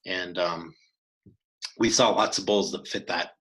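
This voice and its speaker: A man, co-hosting a podcast, telling a hunting story in an animated way with many restarts. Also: deep voice, measured pace, rough recording. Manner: animated, acts out quoted dialogue, many restarts. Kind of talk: casual storytelling chat.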